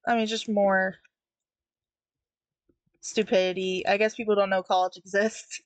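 A woman's voice: mid-range voice, flat delivery, measured pace, no echo. A young woman talking through a comic in a casual, critical way, often laughing between remarks. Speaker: webtoon reviewer. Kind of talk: casual commentary while reading.

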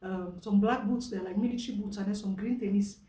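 A woman's voice: mid-range voice, steady tone, a little fast, dark tone, distant mic. A young woman with a Nigerian accent, chatting through a casual unboxing vlog, laughing often and slipping into Pidgin. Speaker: vlogger. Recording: echoey room, voice off-mic.

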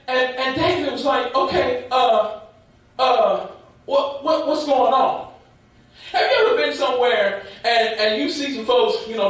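A man with an American accent preaching a fervent sermon as an apostle, repeating words and shouting lines to a responding congregation. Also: very high voice. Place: church sanctuary. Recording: echoey church, mic from a distance, congregation responding.

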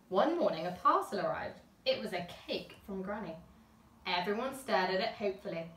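A woman, a nursery teacher, reading a picture book aloud to young children with gentle, chatty asides. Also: medium pitch, animated, normal speed. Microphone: camera at a distance. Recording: echoey room, filmed from a distance.

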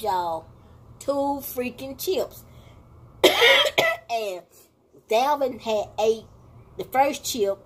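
Slow, animated woman vlogger chatting. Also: fairly high pitch, husky. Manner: animated storytelling, addresses viewers as y'all, laughing asides. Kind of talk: casual reaction chat.

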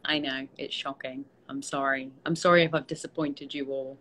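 A tired British woman, an actress, chatting casually with fans on a live stream, relaxed and self-deprecating, with many fillers, speaking into a phone held at arm's length. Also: rumbling low, moderate pace, a little hiss or hum, poor audio. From Britain. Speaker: actress hosting a fan Q&A.

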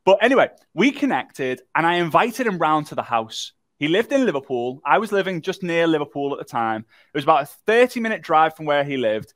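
A man gives a live online workshop. He tells a story in an animated, joking way and talks to his viewers in the chat. His voice sits a little high for a man, and it is recorded dry and close on the microphone. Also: fairly quick, few pauses, no room sound. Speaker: workshop presenter.

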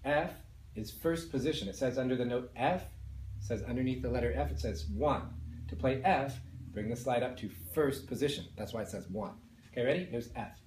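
Male band teacher, mid pitch, calm and step-by-step, roomy echo. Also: fairly quick, a little hiss or hum. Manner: explains step by step, counts and sings along. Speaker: music teacher. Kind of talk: patient beginner instrument lesson.

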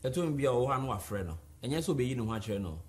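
A man's voice: mid-range voice, sing-song, quick pace. A man hosting a studio chat show, recapping his guest's points.

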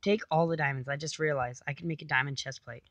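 A woman's voice: deep voice, steady tone, fast, a bit bright, no echo. A woman casually commenting on her own gameplay, chatty, talking to herself and repeating silly phrases. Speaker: gamer.

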